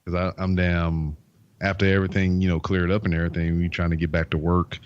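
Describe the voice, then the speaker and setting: A man's voice: low-pitched, level tone, brisk. A man guesting on a podcast, talking in a laid-back drawl with lots of fillers. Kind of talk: casual chat. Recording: dull lo-fi mic.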